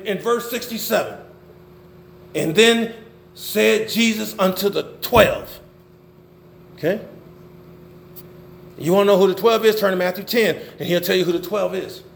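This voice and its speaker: An older man preaching a sermon, swinging between loud emphasis and low murmurs. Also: vocal fry, roomy sound. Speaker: pastor.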